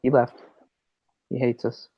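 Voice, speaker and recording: A man's voice: measured pace, lo-fi sound. Man chatting through a movie commentary. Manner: chatty, mimics characters in quotes. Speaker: commentary co-host.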